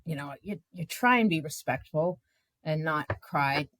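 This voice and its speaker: A woman journalist in her fifties recounts her experiences in a candid, conversational way, animated and emotional and full of filler words. Her voice sits on the low side for a woman, and the recording is dry, with no room sound. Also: measured pace, dry recording. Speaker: journalist guest.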